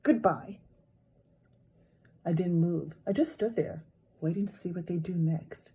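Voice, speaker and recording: A teacher reading a children's chapter book aloud, her narration lively and expressive. Her voice is low-pitched, warm and mellow, with a soft breathy texture. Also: normal speed.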